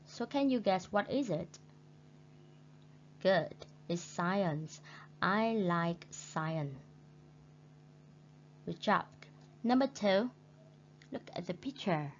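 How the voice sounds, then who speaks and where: A woman teaching English with a Vietnamese accent, speaking very slowly and patiently in a fairly low voice. She repeats each new word for her students. The recording sounds dull and lo-fi, with a faint hum underneath. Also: lively intonation. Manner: slow, patient, repeats words for learners. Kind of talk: recorded classroom lesson.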